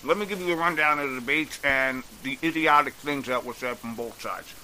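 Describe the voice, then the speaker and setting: Exasperated man ranting, bright voice. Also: medium pitch, brisk, slight background noise, low-quality recording. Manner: exasperated, blunt, swears freely. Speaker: political commentator. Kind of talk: ranting opinion vlog.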